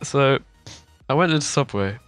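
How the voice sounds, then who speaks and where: A man's voice: medium pitch, animated, normal speed, a bit bright, no room sound, faint music behind. A young man co-hosting a casual podcast, telling a story about a bad sandwich shop visit. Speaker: podcast co-host. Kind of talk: casual chat.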